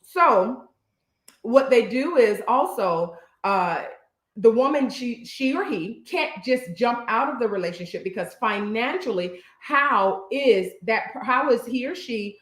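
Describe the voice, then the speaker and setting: A woman therapist talking earnestly and emphatically straight to her listeners, stumbling now and then as she picks her words with care. Her voice sits a little high for a woman. The sound bounces around a reverberant room. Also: lively intonation, takes it slowly. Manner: stutters a little, choosing words carefully. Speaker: therapist and social worker, co-host. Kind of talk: casual couple's talk show.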